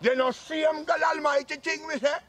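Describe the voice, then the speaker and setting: A proud, boastful old Jamaican uncle, played by a man blusters and scolds in a strikingly high, reedy voice. He brags about the wars he fought and bosses everyone around, with a faint hiss of noise in the background. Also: fairly even intonation, normal speed. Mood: blustering. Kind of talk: comic sketch acting.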